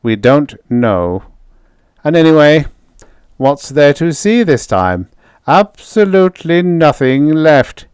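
A cool, meticulous mastermind, voiced by a man narrating a horror audiobook, speaking in a slow, measured intone. Precise and deliberate, recorded dry and close. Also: fairly high pitch, sing-song, a little mellow, clean tone, dry recording, voice pushed up.

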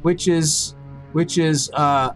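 A man live-streaming a game and talking with his viewers in a loose, rambling way, often stumbling and repeating words. His voice sits a little high for a man. Faint music plays behind him. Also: fairly even intonation, takes it slowly, a bit bright. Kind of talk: casual live-stream chat while gaming.

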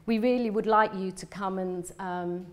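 A woman's voice: mid-range voice, fairly even intonation, moderate pace. Chatty, rambling woman giving a talk. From London, England. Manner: rambling, chatty, self-interrupting with frequent restarts; emotionally open, laughs often. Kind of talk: live lecture presenting slides.

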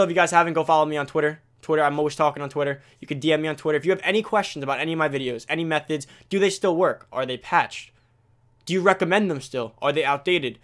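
A teenage male gaming video creator talking fast and casually, restarting phrases as he explains tips straight to viewers. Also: on the high side, a bit bright. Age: teens. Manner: rapid, self-correcting, talks straight to viewers. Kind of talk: fast casual game commentary.

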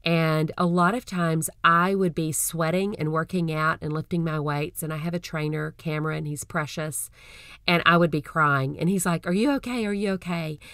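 A middle-aged woman hosting her own podcast, talking in an earnest, folksy and gently encouraging way. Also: sits low, flat delivery, normal speed, smooth, dry recording, studio quality. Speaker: podcast host. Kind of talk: personal podcast talk.

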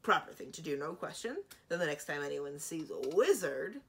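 A woman voicing a loud, huffy old male dragon in a storybook reading. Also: low voice, very animated, moderate pace, vocal fry, full character voice. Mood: pompous.

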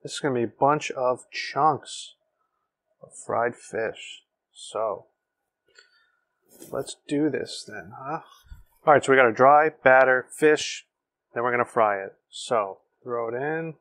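A man's voice: medium pitch, slow pace, long pauses, fairly bright tone. An enthusiastic man hosting a casual barbecue cooking vlog, exclaiming and talking to his viewers. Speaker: BBQ cooking show host.

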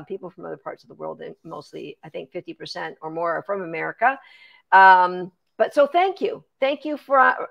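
A woman's voice: medium pitch, gravelly, a bit bright. A woman, a dog trainer, chatting through a live Q&A, explaining training steps and thanking viewers by name. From Canada. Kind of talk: live-stream Q&A.

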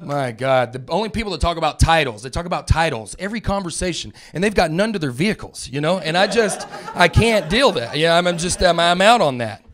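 A man's voice: on the high side, lively intonation, crowd noise. A man in his thirties from North Alabama with a Southern drawl, rambling through a self-mocking stand-up set. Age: 30s. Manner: drawling, rambling, self-mocking storyteller who puts on quick character voices. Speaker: stand-up comedian.

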